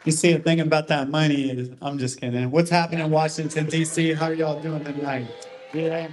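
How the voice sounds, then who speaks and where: A man's voice: a little high, level tone, fairly quick, slight background noise. Upbeat man poet with playful wordplay. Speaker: poet and show host. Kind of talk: announcements and performed rap-like poem. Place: live poetry show at a hotel venue.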